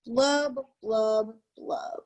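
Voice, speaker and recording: A woman's voice: on the high side, steady tone, drawn-out words, a little mellow, low-quality recording. A woman reading as Mister Fish, a glum pouting fish. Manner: sing-song rhyming refrain. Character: glum pouting male fish, gloomy and resigned.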